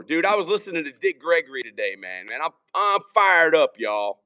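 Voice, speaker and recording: A man from Virginia, co-hosting a casual podcast stream and rambling through shout-outs and jokes. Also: fairly high pitch, very animated, normal speed. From Richmond, Virginia. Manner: rambling, shouting out viewers, joking. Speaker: podcast co-host. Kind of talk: casual live-stream chat.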